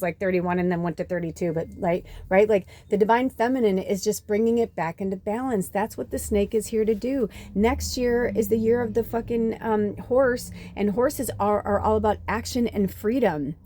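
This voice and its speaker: A woman who does spiritual readings speaks in a casual, rambling monologue recorded on a phone. Her voice is warm and medium-pitched, and she swears often and says "like" constantly.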